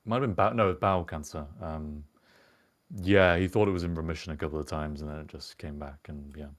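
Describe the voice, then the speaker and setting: Low-voiced british guy co-hosting a chat show, rambly and thoughtful, drops the odd swear. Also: a little fast. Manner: rambling, reflective, swears casually. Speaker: podcast co-host. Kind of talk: casual chat.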